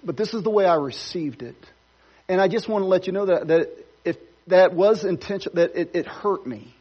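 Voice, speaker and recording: A man's voice: high voice, normal speed, breathy edge, lo-fi sound. A man pastor preaching a sermon in a church, conversational with playful asides. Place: church sanctuary.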